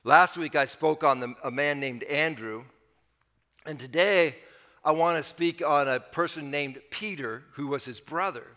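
High-voiced bright preacher in a reverberant hall. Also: male voice, measured pace. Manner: conversational preaching, rising with emphasis then dropping low. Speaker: pastor. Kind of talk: sermon.

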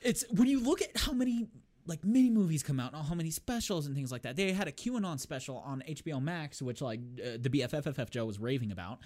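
A man co-hosting a casual podcast, telling a story with lots of laughter and quick put-on voices for the quoted lines. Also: fairly high pitch, expressive, darkish tone, no echo, studio quality. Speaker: podcast co-host. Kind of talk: casual chat, retelling a cartoon episode.

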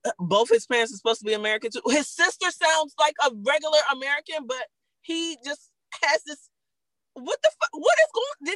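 A woman in a casual TV recap chat, animated, swearing and laughing a lot as she vents. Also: sits high, no room sound, rough recording.

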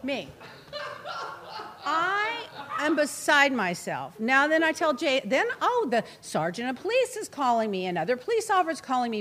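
A woman telling stories in casual podcast chat, animated and exasperated, often jumping in over others. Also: high-pitched, moderate pace, slight background noise. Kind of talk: casual storytelling.

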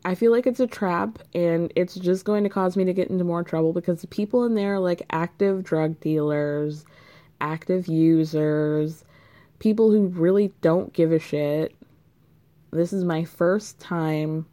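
A woman quoting a worn-out young woman fresh from jail, blunt and swearing as she grumbles. The voice sits low and mellow, with plain everyday delivery. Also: measured pace, lightly acted. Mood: fed up.

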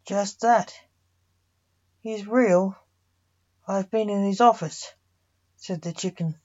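A woman's voice: fairly low pitch, slow, long pauses. Woman reading a fantasy story, muffled. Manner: reads all characters in a mostly even narrating voice. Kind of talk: scripted narration of a fantasy story. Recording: muffled lo-fi recording.

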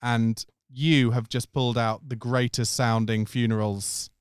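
A man's voice: mid-range voice, little pitch movement, unhurried, clear, resonant tone, no room sound, studio quality. A man hosting a casual podcast, teasing and playing devil's advocate. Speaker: podcast host.

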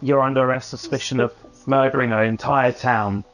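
A man's voice: mid-range voice, steady tone, brisk, a bit bright. Man with muffled lo-fi sound. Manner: joking, rambling. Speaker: player. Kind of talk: casual play chat.

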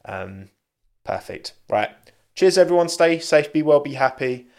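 A man's voice: fairly high pitch, animated, measured pace, creaky. Chatty man signing off a stream. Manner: chatty, rambling, soft cooing to his dog. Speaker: livestream host. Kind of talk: casual live chat sign-off.

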